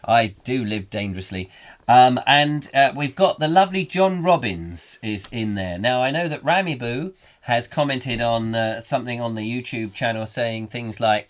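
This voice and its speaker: A man's voice: mid-range voice, expressive, normal speed. A middle-aged Englishman hosting a live comic chat show, rambling playfully and slipping into silly voices. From England.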